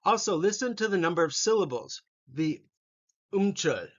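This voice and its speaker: A man teaching English vocabulary, saying each word slowly and repeating it for learners to copy. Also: high voice, expressive, dull audio. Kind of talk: vocabulary pronunciation lesson.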